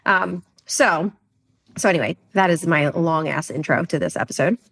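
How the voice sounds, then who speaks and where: A woman's voice: lowish voice, normal speed, breathy edge. A woman co-hosting a health podcast, speaking frankly in casual chat. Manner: frank, rises into lively quoting. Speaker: podcast co-host, health coach.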